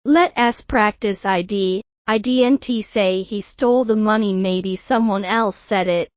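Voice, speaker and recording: A woman teaching English pronunciation in a scripted lesson, slowly and carefully modelling words for learners to repeat. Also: mid-range voice, no echo, lo-fi sound.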